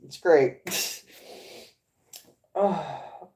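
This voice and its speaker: A woman's voice: sits low, drawn-out words, a little mellow, echoey room. A woman in her twenties chatting casually, profane and incredulous, stammering over restarts as she reads aloud. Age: 20s. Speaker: comics podcast host. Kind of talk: casual rambling commentary, reading aloud from a screen.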